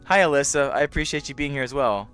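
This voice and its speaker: A man's voice: lively intonation, fast talker, fairly bright tone, clear, resonant tone. Friendly young guy on a stream chatting w/ viewers, voice bouncing all over, bit of music in the back. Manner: friendly, greets chat by name, playful meowing in a high squeak. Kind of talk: casual live-stream chat.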